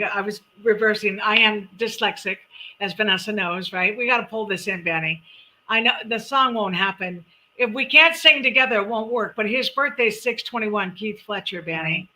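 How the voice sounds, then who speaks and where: Middle-aged woman host, bright and upbeat, chatty live-stream delivery. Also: mid-range voice, normal speed, rough recording. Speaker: numerologist host. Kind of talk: live-stream chat and readings.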